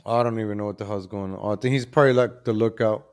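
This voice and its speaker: A man hosting a live commentary stream, animated and repetitive, calling out to viewers as ladies and gentlemen. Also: on the low side, fast talker. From New York.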